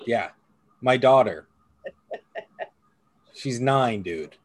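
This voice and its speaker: A man's voice: mid-range voice, drawn-out words, dry recording. A man in his thirties chatting casually as a podcast co-host, telling crude stories and acting out the voices of the people in them. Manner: crude, animated storyteller who acts out quoted voices. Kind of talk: casual chat.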